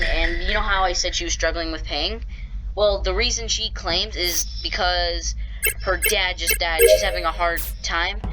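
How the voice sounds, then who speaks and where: A woman's voice: fairly low pitch, low-quality recording. A woman telling a storytime vlog in a chatty, rambling way with many restarts. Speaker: vlogger.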